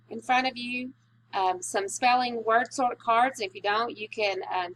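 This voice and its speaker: A woman teaching a recorded spelling lesson, patient and slow, stretching out vowel sounds. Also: mid-range voice, a bit bright, a little hiss or hum.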